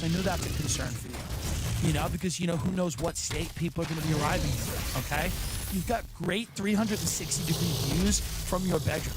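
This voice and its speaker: A man voicing a smooth, pushy male realtor making an ingratiating sales pitch to a client. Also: heavy background noise, lightly acted.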